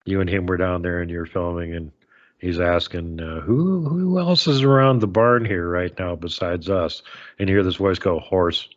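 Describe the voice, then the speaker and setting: A man with a very deep, low voice hosts the interview, putting his questions in a wry and unhurried way. The sound is muffled and lo-fi. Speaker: show host. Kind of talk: casual interview. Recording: dull lo-fi call audio.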